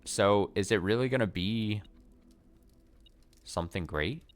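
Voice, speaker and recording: A man with a low voice gives casual commentary while playing a puzzle game. He thinks out loud, swears freely and pokes fun at himself. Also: a little slow. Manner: thinks aloud, swears casually, self-mocking. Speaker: let's play streamer.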